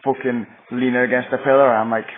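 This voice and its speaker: Brash swearing storyteller, lo-fi. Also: male voice, mid-range voice, level tone, fast talker. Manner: brash, swearing, boastful raver persona. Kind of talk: comic first-person storytelling. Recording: dull lo-fi home video audio.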